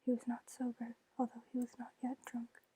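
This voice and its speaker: A woman reading a novel aloud in a soft unvoiced whisper, whispered role-play style. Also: on the high side, completely flat delivery, moderate pace, a little hiss or hum, rough recording. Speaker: ASMR book reader.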